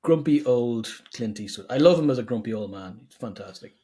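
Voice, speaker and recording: A man co-hosting a podcast, chatting enthusiastically about a film with quick quips. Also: medium pitch, lively intonation, dark tone, slightly rough. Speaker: podcast co-host. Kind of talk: casual movie review chat.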